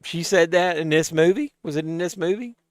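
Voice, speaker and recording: A man with a fairly high, smooth voice hosts a live stream from a home desk mic, answering chat as he goes. He is tipsy and swears freely. The sound is dry and close. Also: brisk, dry recording. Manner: loose and profane, tipsy, reacting to chat. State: tipsy from drinking. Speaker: host of a live watch-along stream. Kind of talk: casual live-stream chat, reading chat aloud.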